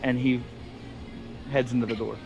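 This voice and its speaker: A man's voice: mid-range voice, level tone, moderate pace, vocal fry, a little mellow, faint music behind. A man narrating as game master of a tabletop game, loose and chuckling, full of fillers.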